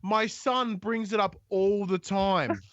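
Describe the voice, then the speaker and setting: A man co-hosting a casual podcast, telling an animated, sweary story and mimicking bird cries. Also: high voice, takes it slowly, no echo, highs cut off. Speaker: podcast co-host. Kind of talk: casual live-stream podcast chat.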